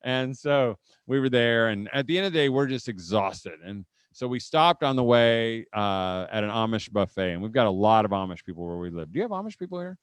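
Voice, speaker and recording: A man's voice: mid-range voice, lively intonation, fairly quick, hardly any pauses, clean tone, no echo. A middle-aged man from Indiana giving a humorous parenting talk to a live audience, telling folksy anecdotes and chuckling often. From Indiana, USA. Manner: folksy anecdotal storytelling, chuckles often, acts out family moments. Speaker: conference speaker.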